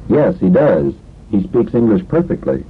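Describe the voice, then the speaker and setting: A man reading a scripted language drill slowly and deliberately, as a course instructor, on a tinny lo-fi lesson tape. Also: on the low side, big pitch swings, husky.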